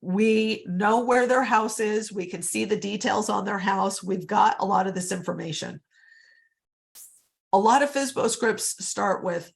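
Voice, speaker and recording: This woman talks at a medium pitch, unhurried and creaky, while leading a live online coaching session for real estate agents. Chatty and upbeat, she often calls them guys, speaking through a computer mic.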